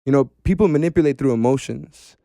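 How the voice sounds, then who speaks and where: A man talking casually as a podcast guest, animated and slangy, saying "bro" often. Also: medium pitch, quick pace, vocal fry, dry recording, clean studio sound.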